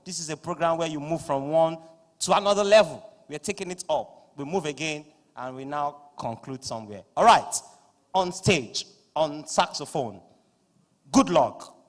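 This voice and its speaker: Nigerian male MC, playful and loud with pidgin asides, slightly high voice, long hall reverb. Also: expressive, normal speed. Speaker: master of ceremonies. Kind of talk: live event hosting. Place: large conference hall. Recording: echoing hall through PA.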